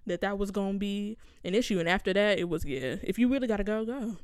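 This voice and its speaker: A woman's voice: medium pitch, fast talker, clean tone, no room sound, studio quality. A woman co-hosting a casual chat, reacting with laughs and teasing remarks. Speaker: podcast co-host.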